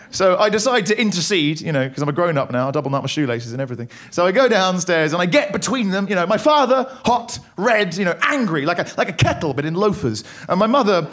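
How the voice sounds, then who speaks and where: Young male stand-up, high voice, dry self-mocking delivery into a handheld mic. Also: big pitch swings, fairly bright tone. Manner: wry, self-deprecating, quick asides. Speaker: stand-up comedian. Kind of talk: stand-up comedy set. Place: comedy club stage with audience laughter.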